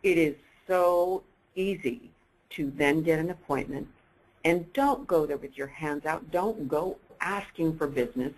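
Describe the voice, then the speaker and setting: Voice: medium pitch, measured pace, a little hiss or hum, low-quality recording. A presenter giving an upbeat sales training webinar, coaching listeners directly and acting out bits of dialogue.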